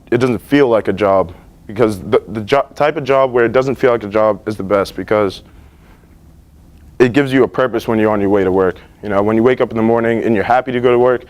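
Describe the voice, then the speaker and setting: A young man in his late teens giving a class presentation about his internships, earnest and relaxed, with many fillers and restarts. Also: on the low side. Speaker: student presenter. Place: school library.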